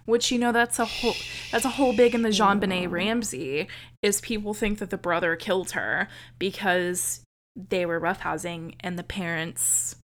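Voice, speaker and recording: A woman co-hosting a podcast, recapping a horror film in a chatty, profane, animated storytelling way. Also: mid-range voice, normal speed, a little hiss or hum. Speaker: podcast co-host.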